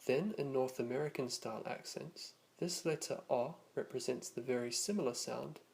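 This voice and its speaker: Gravelly-voiced man teaching vowel sounds. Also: mid-range voice, darkish tone. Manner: slow, careful demonstration of vowel sounds. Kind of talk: scripted lesson narration.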